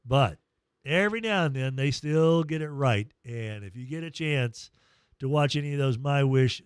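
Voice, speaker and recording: A man's voice: mid-range voice, clear, resonant tone, dry recording. Guy hosting sports radio in the morning, gets all worked up telling a story, dry studio sound. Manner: animated storytelling, emotional and self-deprecating. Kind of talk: casual morning radio chat.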